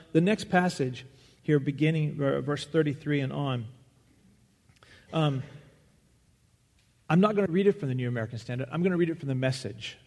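A man preaching a sermon as pastor, earnest and searching, pausing and restarting as he goes. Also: on the high side, a little mellow. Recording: long reverb of a large hall.

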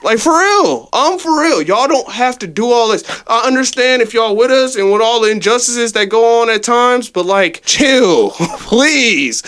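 A man's voice: extremely high pitch, lively intonation, a little slow, hardly any pauses, a bit bright. A man co-hosting a podcast, telling a bar story in a casual, profane way with laughter. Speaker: podcast co-host.

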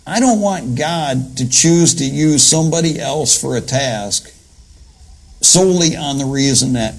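A man's voice: fairly high pitch, animated, unhurried, vocal fry, rough recording. A man preaching a conversational sermon, retelling scripture in plain, folksy everyday talk.

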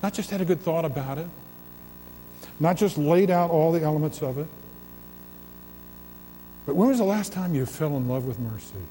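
Preaching in a church sanctuary, a pastor uses a fairly high voice with lively intonation and a dark tone, moving at a moderate pace and pausing often. His repeated phrases swell to build emphasis, and the large hall gives long reverb over slight background noise.

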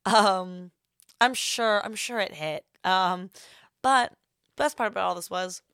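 Young female podcast host, gravelly voice, dry close sound, rambling casual storyteller. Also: mid-range voice, slow pace, fairly bright tone, dry recording. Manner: rambling, heavy on filler words.

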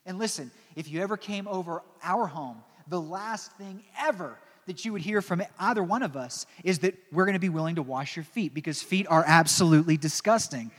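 A man preaching in a church with a fairly high voice, telling the story dramatically with joking asides. His words ring out in a long reverb. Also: expressive, brisk, hardly any pauses, fairly bright tone. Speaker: pastor. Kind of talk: sermon.

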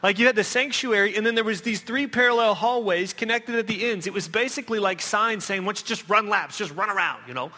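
A high, bright male voice tells funny church stories from the pulpit, teasing the congregation and asking them questions. His lively delivery rings through the long reverb of a church hall. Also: fast, hardly any pauses. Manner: animated, joking, pulls the audience in with questions. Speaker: preacher and professor. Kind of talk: humorous sermon storytelling. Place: church sanctuary.

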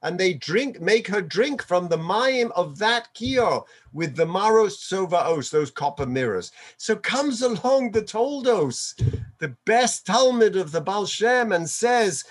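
Rabbi guy preaching a torah sermon, kinda high voice, takes it slow, chuckles a lot. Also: lively intonation. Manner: chuckles often while explaining. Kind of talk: Torah sermon mixing Hebrew quotations.

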